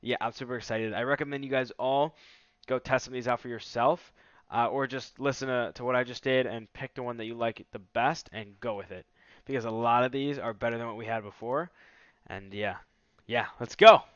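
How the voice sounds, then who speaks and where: A man hosting a casual product demo, talking in a relaxed, enthusiastic, salesy way. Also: mid-range voice, a little fast, no echo. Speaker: tech vlogger host. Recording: slightly muffled dry recording.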